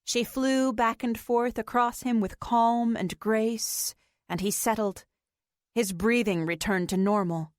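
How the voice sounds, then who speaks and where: Slow, high-voiced woman narrating a story. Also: fairly even intonation, no echo, clean studio sound. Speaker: audiobook narrator. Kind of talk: scripted narration.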